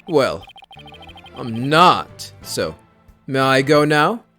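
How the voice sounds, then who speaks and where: A man reads out a vain, pompous male witness from a courtroom game, lofty and dismissive. The delivery is slow and unhurried, with a lively, swooping pitch. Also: soft background music, full character voice. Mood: haughty. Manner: haughty, dismissive.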